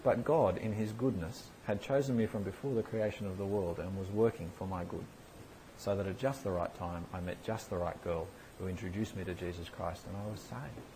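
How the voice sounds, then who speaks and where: A man preaching a conversational sermon and answering questions, with lively, animated emphasis. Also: deep voice, fairly quick, slight background noise, poor audio.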